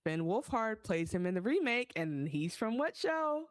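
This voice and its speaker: A woman co-hosting a podcast in a casual, animated recap chat, mid-pitched and chatty. She hops between quick asides and playful impressions of characters. Her voice is close and dry, with no room sound. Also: clear, resonant tone, no room sound. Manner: animated, acts out quoted lines in voices. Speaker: podcast co-host.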